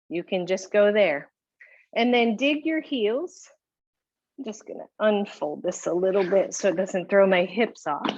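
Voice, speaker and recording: A woman's voice: a little high, muffled recording. A woman teaching a home yoga class, giving encouraging cues with a chatty manner and frequent light laughs.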